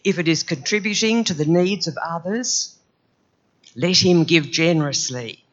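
Croaky-voiced man reading scripture. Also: a little high, expressive, fairly bright tone, highs cut off. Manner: measured, earnest reading aloud. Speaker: scripture reader. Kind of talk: church Bible reading.

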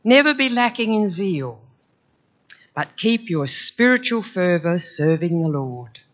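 A man with a croaky voice, reading a Bible passage aloud in a measured, earnest church reading. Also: sits high, big pitch swings, a bit bright, muffled recording. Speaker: scripture reader.

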